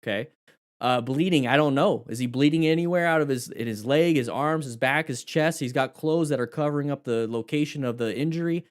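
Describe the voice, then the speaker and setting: A man at a middle pitch teaches motorcycle rescue while commenting on crash footage. He talks in an animated way, often asking questions. His delivery is quick and direct, as in a live class. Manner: animated, acts out rider dialogue and questions. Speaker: motorcycle safety instructor.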